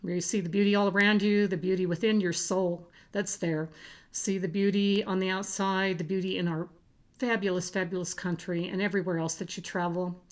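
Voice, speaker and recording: A woman with a low-pitched voice chats casually to her vlog viewers. She talks in a halting, unpolished way, pausing on fillers and restarting her sentences. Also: steady tone. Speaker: cross-stitch vlogger. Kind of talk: casual chat to camera.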